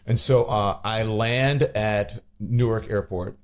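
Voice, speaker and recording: A man's voice: fairly low pitch, fairly even intonation, takes it slowly. A man, a podcast guest telling his story candidly with many restarts and fillers. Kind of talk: podcast interview.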